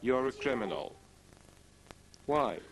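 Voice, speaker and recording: A man voicing every role of a stage play in a single dubbed voice, trading quick lines. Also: medium pitch, animated, crowd noise. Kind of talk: single-voice dubbed theater dialogue.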